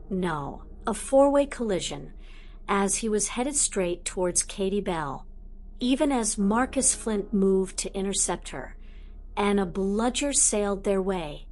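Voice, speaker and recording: A woman reading a fantasy audiobook aloud in a lively storytelling manner. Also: mid-range voice. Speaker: audiobook narrator. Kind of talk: scripted audiobook narration.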